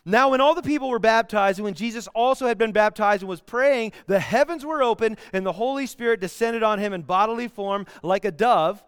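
A man's voice: high-pitched, fairly quick, few pauses, smooth, no room sound, studio quality, big-room sound. A man in his thirties preaching a sermon in a church, talking conversationally and asking the congregation to respond. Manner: conversational, asks the room for responses. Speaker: pastor. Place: church sanctuary.

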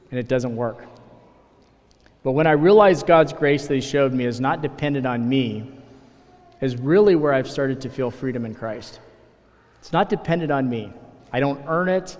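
A man preaching a sermon as pastor, earnest and animated, often rising in emphasis. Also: mid-range voice. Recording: long reverb of a large hall.

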